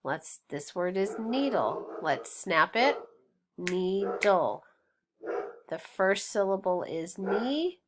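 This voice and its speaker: A woman teaching a phonics lesson to young children, sounding out words slowly and patiently and praising them. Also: on the low side, a bit bright. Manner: slow, deliberate, sounding out words syllable by syllable; encouraging, patient.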